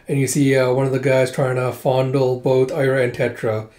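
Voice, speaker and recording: A man's voice: medium pitch, completely flat delivery, moderate pace, darkish tone. A man casually retelling a comic book aloud, chatty and laughing often as he goes. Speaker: manga reader. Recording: roomy echo.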